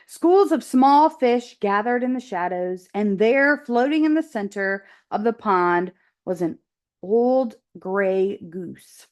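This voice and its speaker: Slow-reading woman teacher. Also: mid-range voice. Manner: slow, expressive storytelling. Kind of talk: children's read-aloud.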